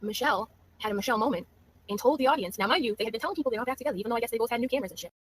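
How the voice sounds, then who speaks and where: Fast-talking woman mocking on a stream. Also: on the high side, background noise. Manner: mocking, laughing, casual. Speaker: livestream host. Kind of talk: gossip livestream.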